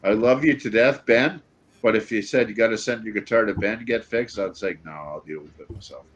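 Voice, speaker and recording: A man joining a casual livestream chat over a video call, easygoing, quick to laugh and chime in. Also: fairly low pitch, lo-fi sound.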